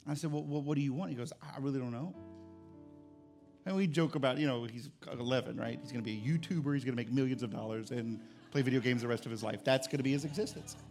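A middle-aged man preaches a sermon to his congregation, his voice gravelly and worn at the edges. He drives his points home through loud, emphatic repetition, then drops low and quiet. Soft instrumental music plays faintly beneath him. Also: fast talker. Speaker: pastor. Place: church service.

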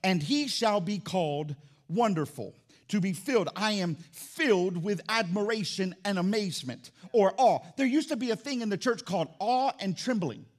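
Loud, high-pitched preaching pastor. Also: male voice, lively intonation, normal speed. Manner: loud, swinging between shouting and hushed. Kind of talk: sermon. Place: church sanctuary.

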